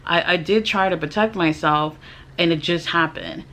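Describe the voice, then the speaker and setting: A woman's voice: fairly low pitch, normal speed, sharp tone. Young woman vlogger, candid storyteller, blunt and indignant, swears freely. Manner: chatty, with many fillers and restarts. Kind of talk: personal storytelling to camera.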